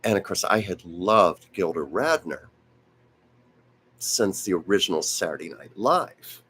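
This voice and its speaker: Male host, lowish voice, strained and fading; rambling, aside-heavy storyteller. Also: lively intonation, measured pace, fairly bright tone, slight background noise. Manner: rambling, anecdotal, with frequent asides and restarts. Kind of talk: casual storytelling on a live stream.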